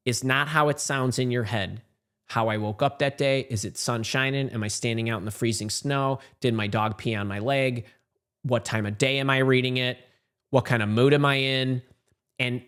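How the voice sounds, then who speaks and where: A career coach, a man, giving emphatic advice and repeating words for stress. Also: medium pitch. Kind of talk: emphatic advice talk to camera.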